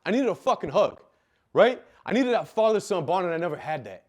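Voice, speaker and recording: With a high voice, big pitch swings and a brisk delivery, a young adult man relates his life story. It's raw and emotional, laced with profanity and repeated phrases for emphasis.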